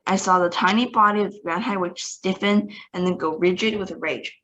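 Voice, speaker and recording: A woman narrates a children's novel aloud. Her delivery is steady and expressive, as in an online reading session. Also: medium pitch, moderate pace, highs cut off. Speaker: storybook reader.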